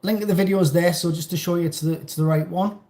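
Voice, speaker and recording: A man's voice: sits high, fairly even intonation, fast talker, warm tone. Chatty man hosting a live stream. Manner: chatty, rambling, restarts often. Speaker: fishing channel host. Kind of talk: casual live-stream chat.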